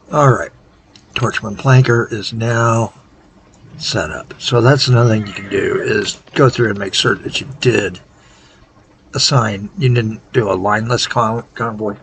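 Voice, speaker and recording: Tired male host, low-key and halting as he plays, deep-ish gravelly voice. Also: fairly bright tone, a little hiss or hum, poor audio. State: tired, worn out. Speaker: game tutorial host. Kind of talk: casual gameplay tutorial commentary.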